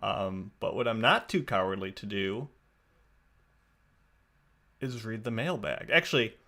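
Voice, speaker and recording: A man's voice: on the low side, lively intonation, a little slow, pushed and bright. Rambling man hosting a podcast. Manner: rambling, self-correcting, wry. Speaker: podcast host. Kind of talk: casual podcast chat.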